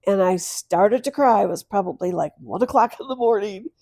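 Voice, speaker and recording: A middle-aged woman appears as a podcast guest, tearfully and earnestly recounting a loss in emotional personal storytelling. Her medium-pitched voice is dark and mellow, animated and a little fast, sinking to near whispers before rising into loud, emphatic bursts. The recording is close and dry.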